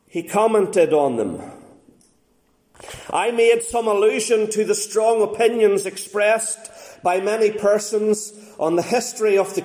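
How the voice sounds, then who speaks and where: Slow, high-voiced male preacher. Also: a little mellow. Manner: slow, deliberate reading with dramatic pauses. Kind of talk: sermon with read-aloud story. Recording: echoey room.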